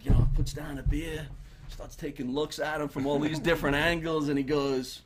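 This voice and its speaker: A man who is a guest on a talk show, telling stories in a casual, animated way and laughing as he talks. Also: fairly high pitch, normal speed, background noise. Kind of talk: casual storytelling.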